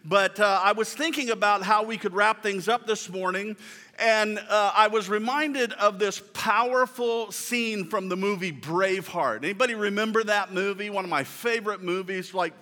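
A male pastor with a high, bright voice, preaching a sermon in a chatty way that still leans hard on key lines. He jokes with the congregation, then slows right down for emphatic quotes. The sound carries the long reverb of a large church hall. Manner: conversational, joking with congregation, emphatic slow quotes.

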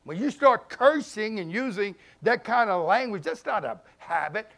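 A man, a pastor preaching a sermon in a conversational way, swinging between loud emphasis and hushed asides. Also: high voice, expressive, moderate pace. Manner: conversational, informal grammar and repeated phrases.

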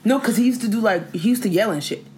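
A woman's voice: mid-range voice, fast, darkish tone, slight background noise. A young woman co-hosting a casual chat, loose and joking, swearing often and breaking into laughs. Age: young adult. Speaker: podcast co-host.

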